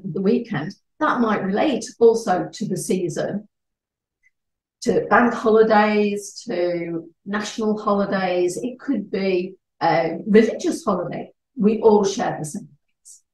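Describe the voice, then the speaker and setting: A woman, a networking trainer giving a lively presentation talk and acting out little dialogues. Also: mid-range voice. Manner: animated, acts out little dialogues. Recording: echoey room, distant mic.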